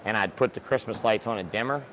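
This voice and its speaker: A man's voice: fairly low pitch, fast, slight background noise. A man guest in a casual interview, a reptile breeder who talks bluntly and swears freely, recorded outdoors. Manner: blunt, profane and excitable.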